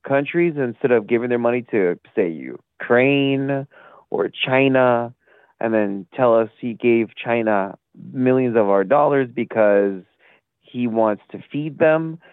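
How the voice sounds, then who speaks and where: A man's voice: medium pitch, no room sound. A man calling in to a talk show, rambling and indignant, losing his thread at times. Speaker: caller. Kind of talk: call-in rant. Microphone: phone call. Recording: tinny phone line.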